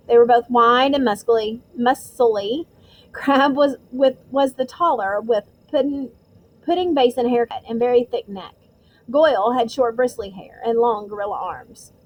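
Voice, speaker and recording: A woman's voice: a little high, low-quality recording. A woman narrating a novel as an audiobook reading, telling it expressively and stumbling over a word now and then. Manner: expressive storytelling with occasional slips.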